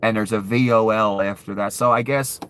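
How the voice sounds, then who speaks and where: A man's voice: lowish voice, fairly even intonation, normal speed, a bit bright, clear, resonant tone. A man giving ranting commentary, profane and incredulous, laughing between outbursts. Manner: profane, incredulous, calls the listener "son".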